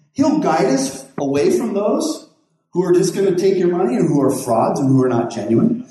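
A man's voice: sits high, warm tone. A man who is a pastor, telling stories casually in a rambling, folksy way with many restarts. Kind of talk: casual storytelling. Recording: very echoey room.

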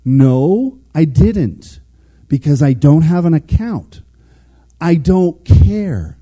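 A man's voice: on the high side, slow pace. A man giving a casual, conversational sermon, acting out little quotes as he goes. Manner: animated, conversational, acts out quotes. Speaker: preacher.

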